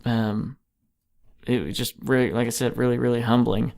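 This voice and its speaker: A man's voice: mid-range voice, steady tone, moderate pace, creaky, darkish tone. A man, a touring guitarist, chatting casually as a podcast guest in a home basement, easygoing and rambling, full of "you know" and "man". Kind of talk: casual chat.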